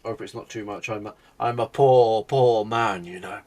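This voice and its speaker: A man's voice: lowish voice, normal speed, darkish tone, far from the mic, lightly acted. A man voicing a greedy male merchant who pleads poverty in a whiny, falsely humble way. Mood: wheedling.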